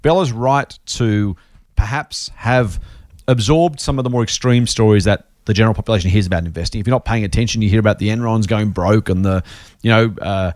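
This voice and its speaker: A man's voice: on the low side, brisk, dry recording, studio quality. A man hosting a casual finance podcast, joking and reading listener mail aloud. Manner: jokey, animated, reads listener mail aloud. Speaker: podcast host.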